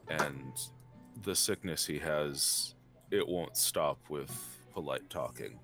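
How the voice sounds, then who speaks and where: An extremely deep-voiced man speaks grimly and deliberately as his character in a tabletop game. Guitar music plays clearly behind him. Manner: grim, resolute, deliberate. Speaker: player. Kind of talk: in-character role-play.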